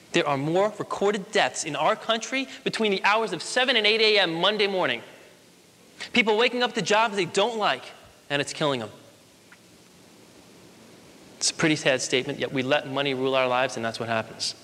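A man's voice: on the high side, a little fast, pauses often, sharp tone. A man in his late twenties giving an emphatic motivational speech to an audience in a large hall, asking rhetorical questions. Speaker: motivational speaker. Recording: long hall reverb.

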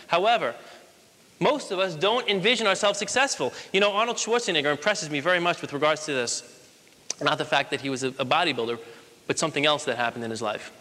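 A man's voice: fairly high pitch, quick pace, bright, forceful tone. A man in his late twenties giving an emphatic motivational speech to an audience in a large hall, asking rhetorical questions. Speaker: motivational speaker. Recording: long hall reverb.

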